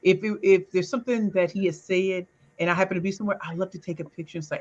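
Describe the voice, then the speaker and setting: A woman's voice: fairly low pitch, steady tone, quick pace, few pauses, dull audio. A woman guest on a podcast telling a personal story and acting out quotes. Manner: warm storytelling, acts out quotes. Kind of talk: casual chat.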